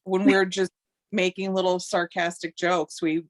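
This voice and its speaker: A woman actor tells wry, animated stories about home life and rehearsals in a casual interview. Her voice sits somewhat low. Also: unhurried, no room sound. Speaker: stage actor.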